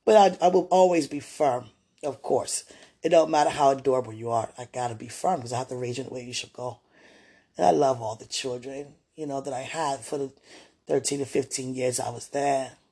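A woman who used to be a childcare teacher, chatting casually in an interview and telling lively stories with frequent laughter. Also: very deep voice, a little fast, husky. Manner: chatty, laughs often, animated retelling.

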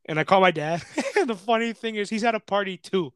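A man's voice: high voice, lively intonation, brisk, fairly bright tone, clean tone, dry recording, clean studio sound. A young man telling a story in casual chat, swearing often, laughing, and acting out what others said. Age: young adult.

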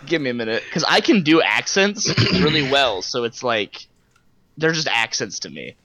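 A man with a bright, forceful voice that leaps wildly up and down in pitch. He talks in casual chat, joking crudely and breaking into laughter. There's a faint noise under him. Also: big pitch swings, moderate pace.

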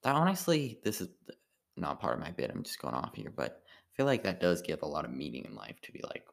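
A tired man, an amateur comedian, rambling in a halting casual monologue full of restarts. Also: a bass voice, wildly swooping pitch, creaky.

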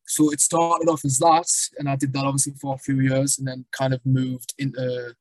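Flat-voiced North East English young man. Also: medium pitch, moderate pace, no echo, rough recording. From Sunderland, North East England. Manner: rambling storyteller, swears casually. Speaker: guest. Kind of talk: casual conversation.

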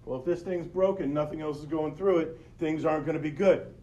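A man's voice: a little high, fairly quick, warm tone, highs cut off. A middle-aged man hosting a podcast, telling a personal story in an earnest, conversational way and speaking straight to his listeners. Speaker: podcast host.

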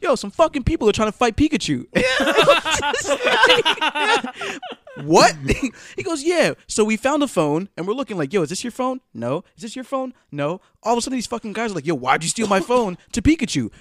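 A young man telling a night-out story in casual chat, animated and profane, laughing and acting out what people said. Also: high voice, fast talker, few pauses, no room sound.

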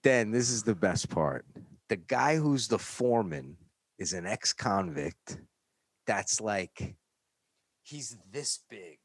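Gravelly, profane New York storyteller man. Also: on the low side, takes it slowly, no echo. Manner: profane, rambling, animated storyteller. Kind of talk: casual storytelling chat.

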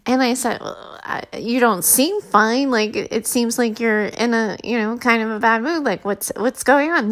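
A woman with a slightly high voice shares a personal story with her listeners. She talks casually and candidly, full of fillers. She gets livelier as she relives the emotion. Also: normal speed, rough recording. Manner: candid, chatty, animated when reliving emotion.

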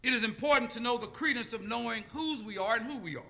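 A man preaching a sermon, telling stories with deliberate pauses and calling for amens. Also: very high voice, vocal fry, bright, forceful tone. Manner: call-and-response, deliberate pauses. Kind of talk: sermon with storytelling.

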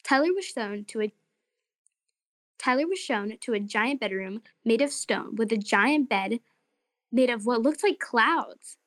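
A woman narrating a children's story and hosting a short segment, in an expressive, friendly way. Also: a little high, unhurried, no room sound, studio quality.

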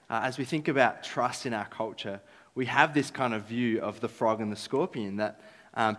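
A man giving a casual, filler-filled talk about trust at a church gathering. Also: fairly high pitch. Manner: casual, chatty with many fillers. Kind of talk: sermon-style talk. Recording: echoey hall.

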